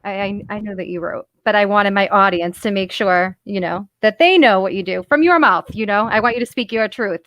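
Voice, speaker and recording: A woman's voice: mid-range voice, a little fast, hardly any pauses, fairly bright tone, no room sound. Female podcast host, casual and talkative, dry close-miked sound. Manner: chatty, repeats herself, friendly questions. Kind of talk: casual interview chat.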